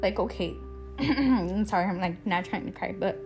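A woman's voice: mid-range voice, expressive, normal speed, over music. A young woman hosting a podcast, talking about her own life in a candid, emotional way, swearing freely and laughing now and then. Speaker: podcast host. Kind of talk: casual personal monologue.

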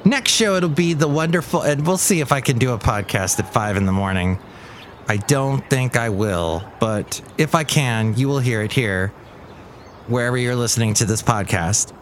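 A man's voice: mid-range voice, moderate pace, a little hiss or hum. A man hosting his own podcast in a rambling, playful monologue. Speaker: podcast host. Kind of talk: casual comedic monologue.

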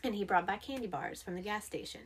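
A woman's voice: medium pitch, fast talker, breathy edge. A woman in her thirties, a mother of four, co-hosting a casual chat and telling family stories with lots of laughter. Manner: chatty, animated storyteller who laughs easily. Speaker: podcast co-host.

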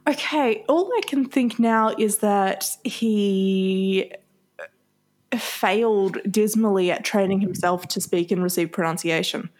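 A woman's voice: mid-range voice, slow, darkish tone. A woman co-hosting a podcast in casual chat, chatty and teasing, often giggling. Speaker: podcast co-host.

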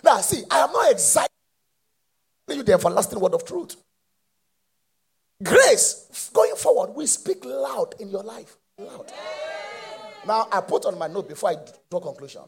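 A man preaching a sermon with impassioned call-and-response and shouted peaks. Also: high-pitched, sing-song, normal speed, vocal fry, husky.

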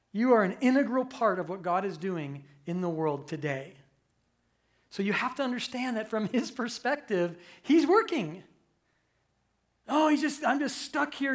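A man preaching a conversational, animated sermon as pastor, acting out quick voices for humor. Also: high voice.

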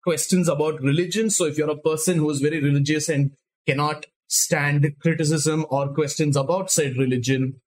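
A man's voice: on the high side, steady tone, normal speed, low-quality recording. A man hosting a casual podcast, explaining a story at length with fillers and restarts. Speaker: podcast host. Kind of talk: casual anime podcast chat.

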